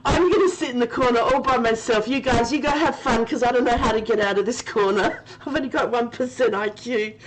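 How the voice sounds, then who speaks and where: A woman's voice: a little high, very noisy. A woman streaming a game live, chatting with her viewers by name and laughing often. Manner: giggly, laughing often and talking to chat by name.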